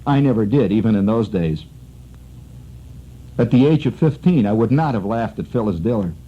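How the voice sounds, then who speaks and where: A middle-aged radio host with a lowish, slightly rough voice spins a long, rambling story full of asides, animated but at a normal speed. It sounds like a muffled old radio broadcast with faint music underneath.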